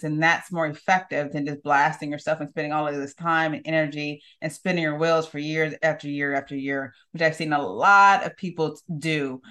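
A woman's voice: low-pitched, a bit bright. A woman hosting an interview in a casual, chatty way, affirming her guest often. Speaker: podcast host.

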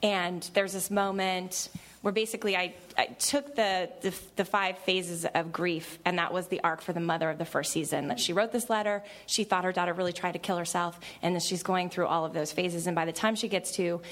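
A woman's voice: fairly low pitch, fairly even intonation, fairly quick. A woman in her thirties, a TV creator on a panel, talking in an emotional, chatty way with many restarts and fillers. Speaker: panel guest, TV show creator. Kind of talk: panel discussion.

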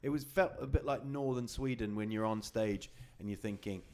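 A male comedian chatting as a podcast guest about his gigs, relaxed and hesitant with many ums. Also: lowish voice, normal speed. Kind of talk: casual podcast chat.

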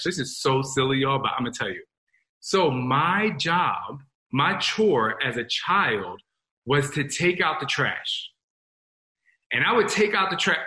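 Bright, roomy-sounding man in his forties. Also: medium pitch, expressive, moderate pace. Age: 40s. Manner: rambling, confessional, addresses listeners as y'all. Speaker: self-improvement talk host. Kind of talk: candid motivational talk to an audience. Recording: roomy echo.

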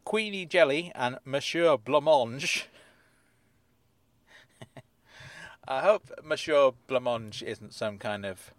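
A man with a mid-pitched voice reads out episode synopses and then mocks them with dry, sarcastic asides. The sound is close and dry, with no room around it. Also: lively intonation, takes it slowly, long pauses, no room sound. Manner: dry, sardonic asides with chuckles. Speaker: host reading and riffing on episode synopses. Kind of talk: casual comic commentary.

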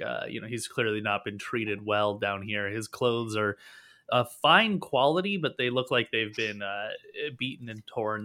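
A man narrating as game master of a tabletop game, describing scenes in a relaxed, loosely improvised way. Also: mid-range voice.

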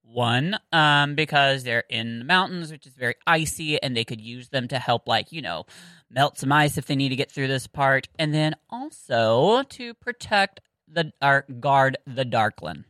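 A woman's voice: very deep voice, lively intonation, a little slow, a bit bright, dry recording, poor audio. A Southern American woman co-hosting a casual book-discussion podcast, chatty and giggly with lots of fillers and restarts. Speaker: podcast co-host.

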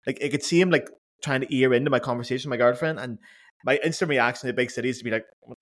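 Man, podcast host, rapid-fire, animated, casual swearing. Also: medium pitch. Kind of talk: casual interview chat.

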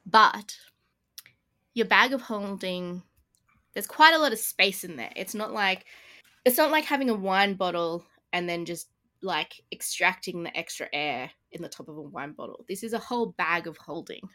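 A woman's voice: on the low side, expressive, moderate pace, pushed and bright. A woman co-hosting a casual tabletop-game podcast, rambling and laughing often. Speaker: podcast co-host. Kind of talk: casual chat.

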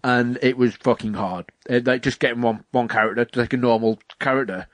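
A man's voice: medium pitch, fairly quick, no echo. A young man, chatting casually and animatedly about video games, swearing freely and acting out what people said.

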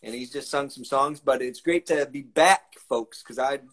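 A man's voice: medium pitch, moderate pace, fairly bright tone. A man hosting a live-streamed music show, folksy and upbeat as he chats and greets viewers by name. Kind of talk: casual chat. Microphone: live stream mic.

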